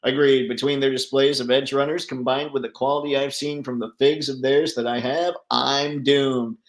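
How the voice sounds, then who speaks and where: A man's voice: mid-range voice, steady tone, normal speed, reverberant. Chatty man hosting a live chat. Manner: chatty, laughs often, reads comments aloud. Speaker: livestream host reading chat.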